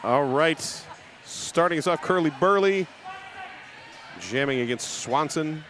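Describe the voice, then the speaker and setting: A man's voice: fairly high pitch, animated, fairly bright tone. Joking male play-by-play commentator. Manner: joking, conversational, quick asides. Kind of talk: live sports commentary.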